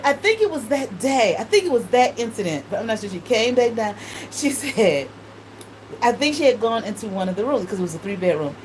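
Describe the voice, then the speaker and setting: A woman's voice: medium pitch, darkish tone, slight background noise, poor audio. Laughing, profane storyteller woman. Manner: profane, laughs often, quotes others in voices. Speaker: tarot reader and channel host. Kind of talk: casual storytelling monologue.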